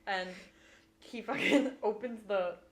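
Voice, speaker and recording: A woman co-hosts a laid-back recap of a show, speaking slowly in a mid-range voice. She swears often and acts out scenes in playful mock voices, recorded in an echoey room with faint background noise.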